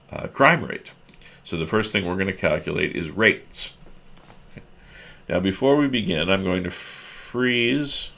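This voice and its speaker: A man with a low, gravelly voice teaches a screen-recorded lesson. He explains as he works, thinking aloud with fillers and restarts. His voice is deep throughout, with a rough fry at the ends of phrases. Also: a bit bright. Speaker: instructor.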